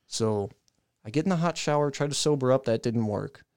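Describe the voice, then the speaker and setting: A young man on a podcast, telling a long profane story in a casual, animated way and laughing as he goes. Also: medium pitch, brisk. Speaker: podcast co-host.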